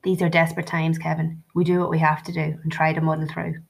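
A woman reading the part of a careful middle-aged father who speaks low and gently. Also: little pitch movement, fast, creaky. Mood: gentle. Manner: low-voiced, reasoning, gentle.

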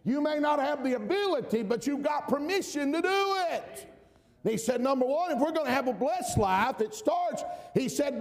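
With a very high-pitched, gravelly voice and a Southern drawl, a middle-aged Georgian delivers an emphatic sermon that echoes like a big room. He keeps calling out amen and veers between shouts and hushed asides.

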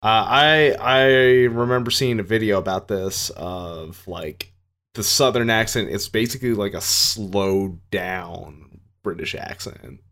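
A man's voice: fairly low pitch, measured pace, fairly bright tone. A man in casual podcast chat, laid-back and agreeable, often chuckling.

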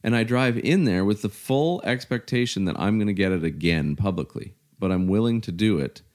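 A middle-aged man from Canada, telling his story in casual, halting conversation, full of "you know" fillers. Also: on the low side, animated, darkish tone.

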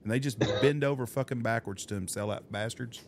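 A man's voice: medium pitch, fairly quick, a little hiss or hum. A man hosting a podcast, talking in blunt, profane, ranting casual chat. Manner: blunt, ranting, swears a lot. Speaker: podcast host.

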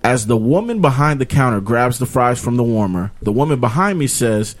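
A man's voice: medium pitch, lively intonation, brisk. A man co-hosting a casual podcast, slangy and laid-back, laughing often and reading a listener letter aloud. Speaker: podcast co-host.

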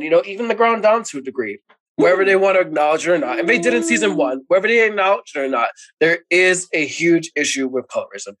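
A fairly high-voiced man leads a relaxed podcast conversation. He talks in an animated, opinionated way and circles back on his own phrases to drive a point home. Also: rough recording. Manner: animated, opinionated, repeats himself. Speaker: podcast host. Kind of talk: casual chat.

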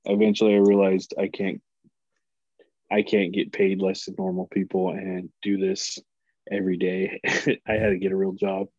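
A man in his thirties, a podcast guest, telling a story in a casual, profane and animated way. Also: lowish voice, no room sound, highs cut off. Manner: animated, profane, acts out quoted voices.

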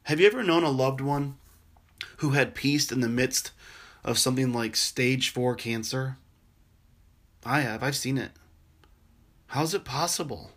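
A male pastor delivering a sermon in an earnest, gentle way. His voice sits at an ordinary middle pitch, and he often drops softer and quieter to draw listeners close. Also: measured pace, long pauses. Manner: earnest, gentle, dropping soft and quiet for tender passages.

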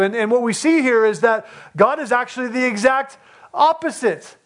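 A man in his thirties preaching a sermon with passion, voicing pleas in a rising, loud voice and repeating his phrases. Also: high-pitched, moderate pace. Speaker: pastor.

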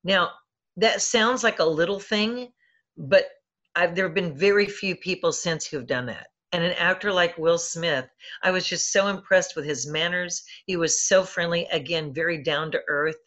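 A woman's voice: lowish voice, normal speed, fairly bright tone, dull audio. A woman film critic telling chatty anecdotes about stars in an interview, with many restarts. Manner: chatty, lots of fillers and restarts.

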